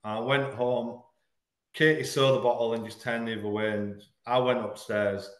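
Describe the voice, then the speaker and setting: A man's voice: medium pitch, fairly even intonation. Frank man in an echoey room. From Hull, England. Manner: frank, earnest, halting at painful moments. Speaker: podcast guest. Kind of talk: candid personal storytelling in an interview.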